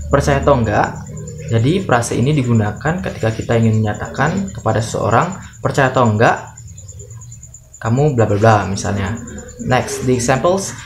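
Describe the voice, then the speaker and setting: A man's voice: medium pitch, slight background noise. A man from Indonesia with an Indonesian accent, teaching English phrases in a bilingual lesson. He reads each example twice and then translates it.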